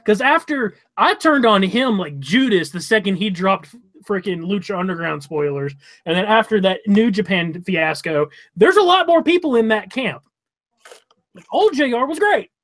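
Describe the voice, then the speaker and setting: A man's voice: high-pitched, big pitch swings, normal speed, a bit bright. A man co-hosting a casual live stream, chiming in with easygoing banter. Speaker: co-host.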